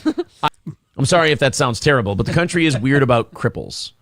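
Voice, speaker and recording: A man's voice: medium pitch, lively intonation, fast, a bit bright, no echo, clean studio sound. A man hosting a casual live talk show, rambling with apologetic asides.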